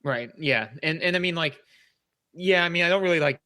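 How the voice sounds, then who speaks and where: A man's voice: a little high, brisk, bright, forceful tone, no room sound, clean studio sound. A man co-hosting a podcast in casual chat, rambling and searching for words with many repeats. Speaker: podcast co-host.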